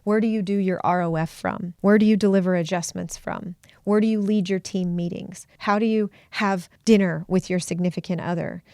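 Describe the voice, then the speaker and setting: A woman's voice: medium pitch, a little mellow, no room sound, studio quality. A woman chiropractor hosting a podcast, delivering an emphatic, preachy motivational talk full of repeated commands.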